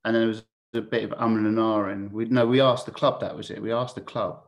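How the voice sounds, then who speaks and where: A low-pitched man tells a personal story as a podcast guest. He talks candidly and casually, swearing freely and often restarting his sentences. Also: little pitch movement, fast.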